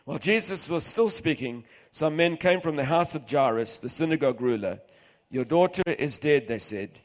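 A middle-aged man preaching a sermon, reading scripture aloud and repeating key words for emphasis, swinging between loud and hushed. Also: a little high, lively intonation, moderate pace.

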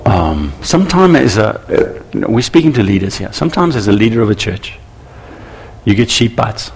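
A man preaching a sermon to church leaders, animated and acting out little scenes with voices. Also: fairly low pitch, moderate pace, creaky, a little hiss or hum. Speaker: pastor.

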